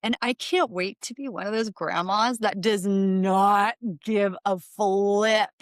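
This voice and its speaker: A woman's voice: medium pitch, fairly even intonation, slow, dry recording. A middle-aged woman hosting a podcast, talking in a chatty, rambling way full of "like" and asides. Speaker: podcast host. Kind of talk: casual solo podcast monologue.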